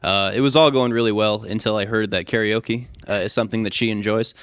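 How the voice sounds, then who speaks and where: A man's voice: fairly low pitch, fairly even intonation, a little fast, fairly bright tone, no echo. A man in his twenties, a dating show contestant, speaking with dry, wry humor. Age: 20s. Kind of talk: casual chat.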